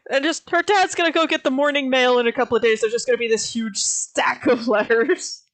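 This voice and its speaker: A woman's voice: high-pitched, fairly even intonation, normal speed, fairly bright tone. A woman in a casual chat, animatedly retelling her tabletop character's antics. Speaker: tabletop game player.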